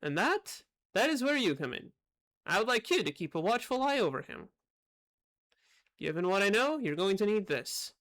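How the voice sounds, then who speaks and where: A woman voicing a stately older male king, lowering her voice to sound like a man. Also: very animated, normal speed, fairly bright tone. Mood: regal. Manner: lowered voice, trying to sound manly.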